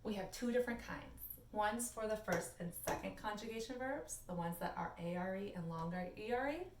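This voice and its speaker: A young adult woman teaching a Latin lesson in a chatty, animated way, with sing-song recaps. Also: medium pitch, normal speed, noisy background. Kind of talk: classroom video lesson. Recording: echoey room, mic at a distance.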